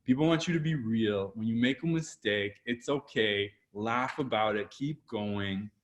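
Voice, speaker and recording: Energetic Canadian man giving video tips. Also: fairly low pitch, a little slow. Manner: energetic, animated, acts out quotes. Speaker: guest photographer. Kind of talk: casual video interview.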